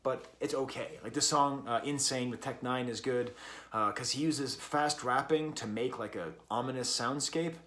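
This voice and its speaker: A man's voice: medium pitch, moderate pace, fairly bright tone. A man reviewing an album in a casual, rambling way, with many fillers and restarts. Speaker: music reviewer.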